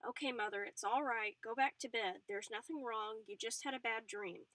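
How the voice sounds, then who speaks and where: A weary middle-aged woman talks in a tired, soothing, firm way, as a woman reader puts her on. Her voice is a little lower than the narration, with a bright edge. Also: normal speed, no room sound.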